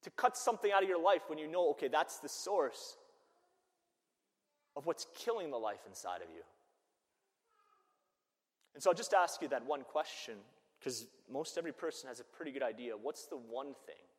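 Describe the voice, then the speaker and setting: A man, a Catholic priest, preaching a sermon and telling stories in an animated way. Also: on the high side, normal speed, pauses often. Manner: animated storytelling that acts out the people it quotes. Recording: long church-hall reverb.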